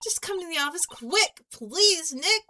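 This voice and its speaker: A woman voicing an excitable teenage girl spirit medium, reading her game lines in frantic, high outbursts. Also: unhurried, a little hiss or hum, exaggerated voice. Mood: pleading.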